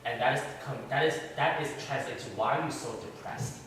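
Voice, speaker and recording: A man's voice: medium pitch, brisk, fairly bright tone, slight background noise. A man leading an interactive Bible class in a church room, questioning his listeners in a chatty way. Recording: very echoey room, far from mic.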